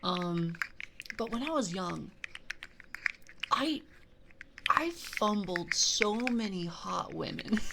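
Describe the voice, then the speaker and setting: A streamer chatting casually on a live stream, giggly and full of fillers, reacting to chat messages. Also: female voice, mid-range voice, vocal fry. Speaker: VTuber streamer. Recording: audible background noise.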